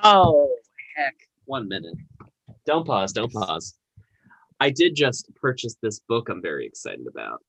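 A man's voice: mid-range voice, huge pitch swings, a little slow, creaky, pauses often, a bit bright, slightly rough. A man co-hosting a podcast, casually recapping a TV episode with lots of fillers and asides. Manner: rambling, filler-heavy retelling. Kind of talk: casual chat.

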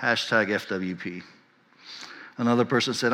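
Man, pastor, sermon, conversational, animated, forceful bright voice, long hall reverb. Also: normal speed. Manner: animated, acts out whiny voices and quotes with rising pitch; conversational, often tags lines with "right?".

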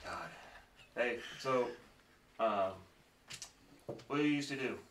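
A man's voice: mid-range voice, takes it slowly, fairly bright tone. Grumbly man playing a tabletop role. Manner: casual and grumbly, swears often. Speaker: player. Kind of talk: tabletop role-play in character. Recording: echoey room, faint noise.

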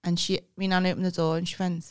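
Smooth-voiced woman telling stories. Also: on the low side, little pitch movement, quick pace. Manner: rambling anecdotal storytelling with swearing. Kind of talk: casual chat.

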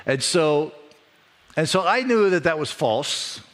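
A middle-aged male pastor preaching in a conversational way, his voice rising for emphasis and dropping low when he reflects. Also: expressive, slow. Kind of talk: sermon.

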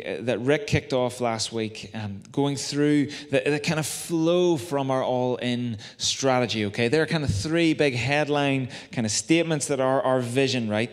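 Northern irish guy preaching a sermon, chatty and self-deprecating, lots of "right?", long hall echo. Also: medium pitch. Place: church hall. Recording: long reverb of a church hall.

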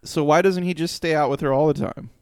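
A man co-hosting a podcast, chatting casually about a movie, animated and questioning, swearing freely. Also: fairly high pitch, fast talker, clear, resonant tone, no echo, clean studio sound. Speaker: podcast co-host.

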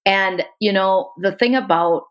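A woman hosting a podcast, speaking in a calm, affirming, reflective way to her guest. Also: medium pitch, unhurried. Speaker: podcast host. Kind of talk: supportive interview talk.

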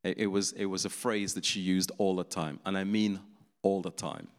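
Male preacher, fairly low voice, chatty sermon delivery, long reverb on the recording. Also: little pitch movement, moderate pace, clear, resonant tone. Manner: conversational, with laughing asides.

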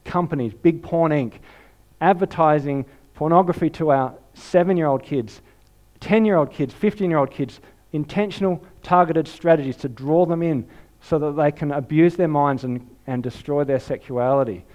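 Male pastor, sermon delivery, higher-pitched voice, lively and animated storytelling. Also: moderate pace. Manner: animated storytelling, swings from hushed to shouting.

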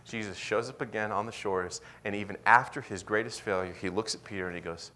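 A man preaching a sermon, swinging from loud excited bursts to soft, whispered intensity. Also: fairly low pitch, brisk, few pauses. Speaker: pastor.

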